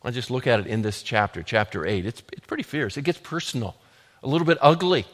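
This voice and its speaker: A man preaching a sermon, building from quiet, measured lines to loud, emphatic declarations. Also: medium pitch, big pitch swings. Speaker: pastor. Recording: long hall reverb.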